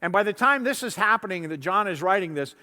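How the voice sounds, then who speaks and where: A male pastor gives a sermon in a loose, conversational way, doubling words as he goes and slipping into the voices of people in his story. His voice sits fairly high. The sound carries a long reverb from the church hall. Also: expressive, fast talker, bright, forceful tone. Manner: conversational, acts out disciples' voices, repeats words. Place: church sanctuary. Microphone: lapel mic.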